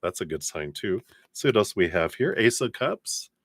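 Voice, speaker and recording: A man giving tarot readings on a live stream, relaxed and chatty, with many fillers and warm blessings to viewers. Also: low-pitched, moderate pace, dry recording. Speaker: tarot reader.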